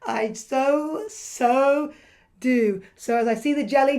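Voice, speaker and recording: A woman narrating her nail art as she paints, chatty and rambling, breaking into excited sing-song bursts. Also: high voice, unhurried. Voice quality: voice crackling. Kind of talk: casual voice-over while painting nails.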